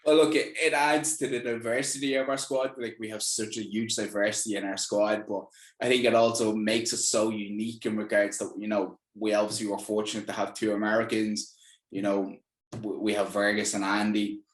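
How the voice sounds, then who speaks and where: Low-voiced Irish man in a roomy room. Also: flat delivery, brisk. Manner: chatty, acts out quoted lines with bursts of energy. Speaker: podcast host. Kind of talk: casual chat. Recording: roomy echo.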